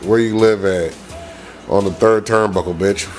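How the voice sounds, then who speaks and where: A man's voice: lowish voice, fairly even intonation, moderate pace, faint music behind. A man chiming in on a podcast with crude, joking one-liners and laughing often. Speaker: podcast co-host. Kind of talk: casual chat.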